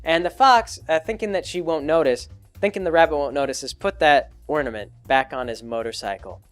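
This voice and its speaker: A young man rambling through an improvised story, restarting often and acting out characters in quick bits. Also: on the high side, faint music behind. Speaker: comedy podcast host.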